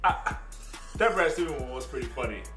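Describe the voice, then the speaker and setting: A man's voice: medium pitch, lively intonation, brisk, fairly bright tone. A man hosting a reaction video, giving casual, chatty commentary, laughing often and stumbling over his words. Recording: echoey room with faint music.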